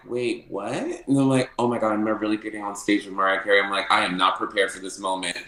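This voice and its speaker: Animated, laughing man in an echoey room. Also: on the low side. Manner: animated, laughing often, acts out quoted lines. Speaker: podcast guest, drag performer. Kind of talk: casual storytelling interview.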